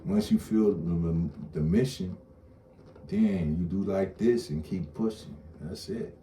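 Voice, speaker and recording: Deep-voiced man ranting bluntly to camera; mic set back, faint background hum. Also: slow pace, warm tone. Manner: blunt, profane, repetitive. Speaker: online commentator. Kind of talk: casual rant to camera. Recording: roomy echo, distant mic, faint ambience.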